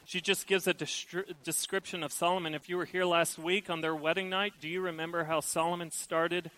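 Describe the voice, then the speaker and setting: Man, preaching a sermon, bright forceful tone, acts out quoted lines. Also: on the high side, flat delivery, fairly quick, low-quality recording. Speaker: pastor.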